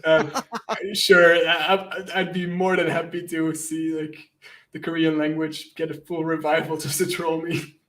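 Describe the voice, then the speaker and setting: An enthusiastic man speaks as a guest in a casual interview, his voice a touch high as he rambles and laughs at his own jokes. He sounds like a hacker talking shop with friends. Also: little pitch movement, measured pace, fairly bright tone. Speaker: guest, penetration tester and content creator.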